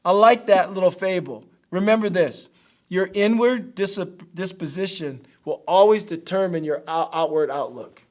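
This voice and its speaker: High-voiced pastor preaching a sermon. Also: male voice, moderate pace, darkish tone. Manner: storytelling, repeats phrases, addresses listeners as friends. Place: church auditorium.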